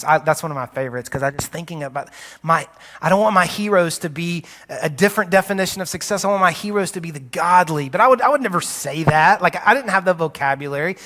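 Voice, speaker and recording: A pastor preaches in a church sanctuary, earnest and confessional, often restarting his sentences. His male voice is fairly high, brisk and a bit bright, and the recording has a long hall reverb.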